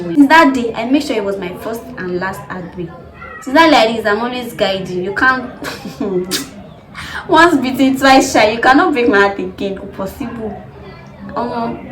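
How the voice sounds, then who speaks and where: A young woman in her twenties with a Nigerian English accent, telling stories in a chatty, laughing vlog. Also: mid-range voice. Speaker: vlogger. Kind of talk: casual storytelling vlog. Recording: echoey room with crowd noise behind.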